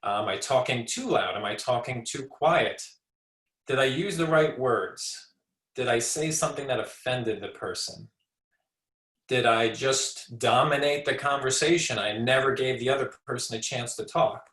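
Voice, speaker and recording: This is a man in his forties from the U.S., a speech pathologist, talking informally and conversationally to educate, with many repeats and restarts plus short acted-out examples. He speaks at a moderate pace with a medium pitch and a fairly bright tone. The sound is roomy and the audio poor.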